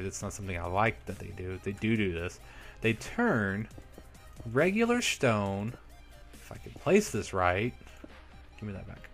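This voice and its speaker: A young man hosting a let's play, chatting casually to viewers about what he is doing in the game. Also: on the low side. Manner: chatty, upbeat, talks to viewers while playing. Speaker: Minecraft let's play host. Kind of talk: casual gameplay commentary. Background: soft background music.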